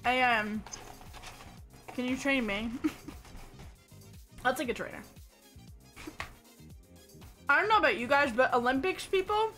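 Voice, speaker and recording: A young woman streaming a game live, bubbly and giggly, chatting to viewers and now and then bursting into excited shouts. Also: high-pitched, takes it slowly, long pauses. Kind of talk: live gaming stream chat. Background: game music.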